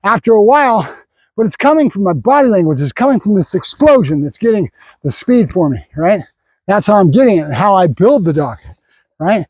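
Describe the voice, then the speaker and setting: A man training a dog, explaining his method out loud while praising the dog. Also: high voice, animated, a little fast, slightly rough, dry recording.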